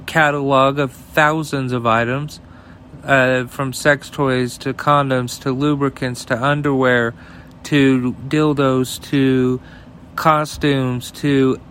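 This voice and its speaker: A man's voice: medium pitch, a bit bright, slight background noise. A man hosting his own show, giving blunt, profane commentary on the news and reading sponsor ads in a casual, offhand way. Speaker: host.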